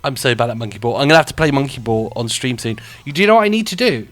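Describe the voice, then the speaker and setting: A man's voice: medium pitch, expressive, rapid-fire, fairly bright tone, no echo, soft background music. Chatty, rambling male stream host. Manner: rambling, chatty, laughs often. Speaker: radio show host and streamer. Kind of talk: casual live-stream chat.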